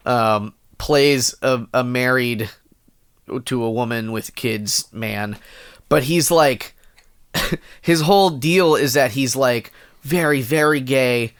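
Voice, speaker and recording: A man's voice: mid-range voice, takes it slowly, clean tone, no echo, studio quality. A man co-hosting a podcast on a headset mic, telling stories animatedly in casual chat and laughing often. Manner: animated storyteller, laughs a lot. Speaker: podcast co-host.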